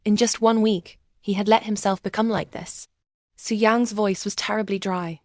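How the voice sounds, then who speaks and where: Dry, calm female story narrator. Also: medium pitch, moderate pace, no room sound. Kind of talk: first-person scripted narration of a romance story.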